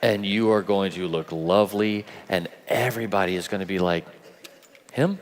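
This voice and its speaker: A man preaching a sermon at a youth conference, animated and playful, acting out voices as he goes. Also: sits low, brisk. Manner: animated, acts out quoted voices, laughs often. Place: large conference hall. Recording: long hall reverb.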